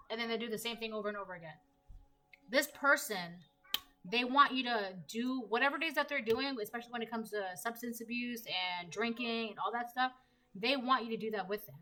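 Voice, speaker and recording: A woman's voice: on the high side, moderate pace, fairly bright tone, rough recording. A woman giving a casual collective tarot reading, talking conversationally and repeating her phrases as she reads the cards aloud. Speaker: tarot reader.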